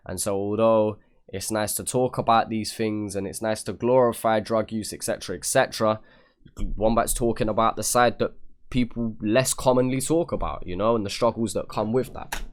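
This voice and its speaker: British man with a low voice reacting to music. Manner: chatty, pauses the track to comment, jumps up in pitch when excited. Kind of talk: casual reaction commentary. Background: the reviewed track playing faintly.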